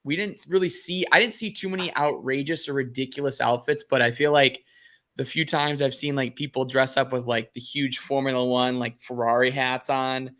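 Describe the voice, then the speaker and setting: A man in a casual podcast chat, easygoing and quick with wry quips. His voice is bright and sharp, sitting in a middle range. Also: medium pitch, fairly even intonation. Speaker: podcast co-host.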